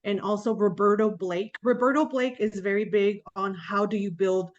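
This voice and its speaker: A woman's voice: medium pitch, fairly even intonation, moderate pace, highs cut off. A woman attendee on a webinar, speaking eagerly in a conversational way.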